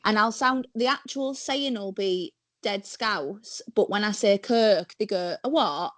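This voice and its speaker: A woman's voice: mid-range voice, a little slow, no room sound. A woman in her twenties with a Hull accent, a guest chatting on a podcast and acting out the quotes in her stories. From Hull, England. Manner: animated storyteller who acts out quotes. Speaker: guest, professional wrestler. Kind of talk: casual podcast chat.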